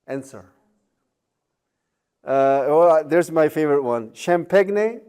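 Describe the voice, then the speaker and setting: A man's voice: a little high, animated, takes it slowly, long pauses, darkish tone, clean tone. A man giving a recorded university lecture, chatty, with joking asides, many fillers and tag questions.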